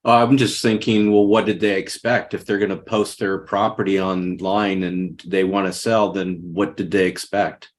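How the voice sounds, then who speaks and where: Man, very deep voice, monotone, blunt, matter-of-fact. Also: moderate pace, hardly any pauses. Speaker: call participant. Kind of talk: casual group discussion.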